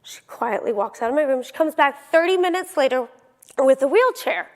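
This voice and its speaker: Une jeune femme à la voix assez aiguë, conférencière motivante qui raconte une histoire vécue avec vivacité. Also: female voice, sits high, animated, normal speed, big-room sound. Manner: vivid personal storytelling, acting out quoted dialogue. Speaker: motivational keynote speaker. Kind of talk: motivational keynote storytelling.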